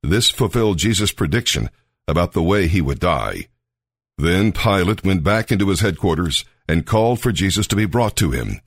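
A man giving a steady, expressive Bible reading as the regular reader, close to the mic. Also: deep voice, normal speed, husky, no room sound. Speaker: scripture reader.

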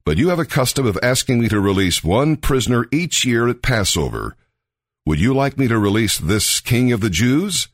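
A man voicing a stern, weary Roman governor in a Bible reading, asking sharp questions. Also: medium pitch, animated, normal speed, no room sound, clean studio sound, voice pushed up, close to an everyday voice. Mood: questioning.

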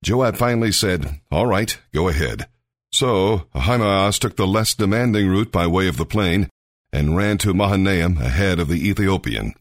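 A man reading scripture aloud in a measured, expressive manner. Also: low voice, no room sound, studio quality. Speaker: scripture reader.

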